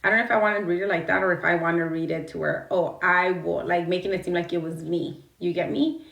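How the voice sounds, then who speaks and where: A woman's voice: on the low side, steady tone, quick pace, vocal fry, a bit bright, echoey room, recorded from a distance. A woman livestreaming from her phone, talking bluntly and rambling, swearing and greeting her chat as she goes.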